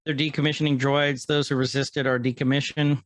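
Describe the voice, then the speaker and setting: A man's voice: mid-range voice, flat delivery, a little fast, dry recording. A man co-hosting a podcast, casually retelling episode scenes and quoting the characters. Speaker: podcast co-host.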